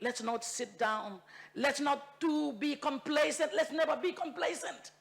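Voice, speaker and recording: A fiery woman MP from Bougainville, Papua New Guinea, speaks in a high-pitched, gravelly voice at a measured pace, with a Bougainville accent. Giving a parliamentary debate speech in the chamber, she is impassioned and emphatic, repeating phrases for force and dropping into Tok Pisin.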